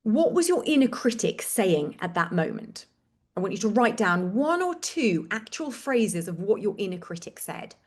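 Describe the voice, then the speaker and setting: A woman hosting a webinar, leading a slow, gentle guided reflection exercise over a video call with repeated prompts. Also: medium pitch, very animated.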